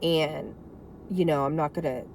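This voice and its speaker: A woman's voice: sits low, steady tone, measured pace, slight background noise. Frank, rambling woman vlogging from her car. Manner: frank, emotional, rambling with many asides. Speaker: vlogger sharing caregiving story. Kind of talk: candid unscripted talk to camera.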